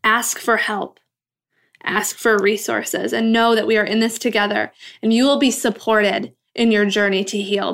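A young woman hosts her own podcast and speaks straight to her listeners in a gentle, affirming way. Her voice sits at an ordinary middle pitch, and she drops in a casual curse now and then. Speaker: podcast host. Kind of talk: heartfelt solo podcast monologue.

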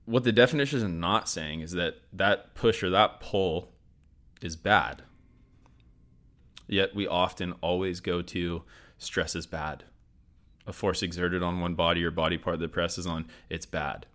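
A man's voice: low voice, steady tone, a little slow, a bit bright. A man hosting a sport and performance psychology session, upbeat and repeating his key points. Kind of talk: scripted educational talk.

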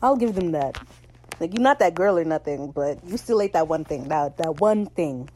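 A woman talking casually on her podcast, slangy and animated, slipping into quick impressions of the characters. Her voice sits a little low and sounds mellow and relaxed. A faint hiss runs under the recording. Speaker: podcast host recapping a TV show. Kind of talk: casual chat.

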